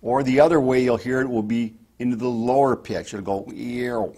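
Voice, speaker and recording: A man teaching hunters fawn calls, explaining each step in a relaxed instructional way. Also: medium pitch, brisk. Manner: explains step by step, demonstrates softly. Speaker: hunting call instructor. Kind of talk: instructional talk.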